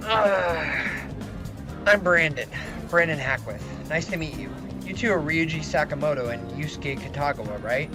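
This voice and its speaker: A man voicing an overeager young male exchange student in a fan-made anime parody dub, squealing and hyper-energetic, recorded over a voice call. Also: on the high side, normal speed, close to an everyday voice. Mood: eager. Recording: music playing underneath. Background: background music.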